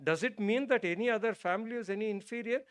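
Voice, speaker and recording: A man's voice: sits high, fast, smooth, no echo, clean studio sound. A man from India giving a public talk on religion, telling a story that moves him and then building to emphatic points. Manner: storytelling, grows emotional and soft. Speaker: guest speaker. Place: auditorium stage.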